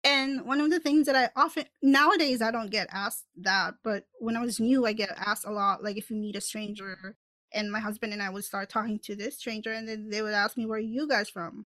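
A woman's voice: medium pitch, fairly even intonation, a little fast, a bit bright, dry recording. A woman from the Philippines hosting a podcast, chatting casually with lots of fillers. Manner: chatty, uses many fillers. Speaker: podcast host.

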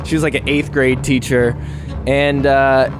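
A young man co-hosting a casual podcast, telling a school story with lively acted-out quotes. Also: medium pitch, a little slow. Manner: animated, acts out quoted voices, laughs often. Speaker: podcast co-host.

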